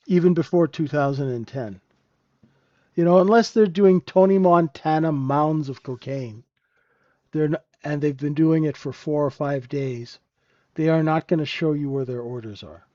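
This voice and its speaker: A man's voice: a little high, mellow, no echo, highs cut off. A man hosting a live trading room, giving casual, blunt and joking market commentary and often asking "right?". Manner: blunt and profane. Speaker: trading room host and mentor.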